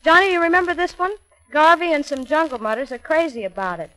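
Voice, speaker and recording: Very high, bright giggly woman. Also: lively intonation, low-quality recording. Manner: bright, giggly, quick lines. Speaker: singer and guest. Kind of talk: 1940s radio variety banter. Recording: 1940s radio broadcast with faint music.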